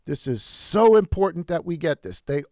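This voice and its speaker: A man preaching a sermon in church, emphatic and animated, drawing out words for weight and dropping in quick asides. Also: on the high side, dry recording, studio quality. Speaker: pastor.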